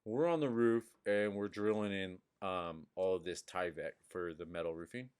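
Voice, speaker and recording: Male podcast host, low register, loose animated storyteller. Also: moderate pace, smooth. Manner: animated storyteller, swearing, laughing. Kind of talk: casual chat.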